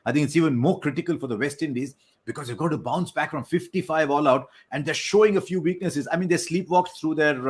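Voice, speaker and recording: A man giving measured, analytical post-match cricket talk over a remote link. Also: mid-range voice, slightly rough. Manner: measured, analytical, self-correcting.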